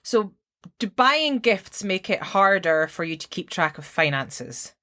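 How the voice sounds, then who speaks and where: A woman co-hosting a podcast in casual chat, dry and quick to laugh. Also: fairly low pitch, big pitch swings, bright, forceful tone. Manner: dry, laughs easily, reads poll results. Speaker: podcast co-host.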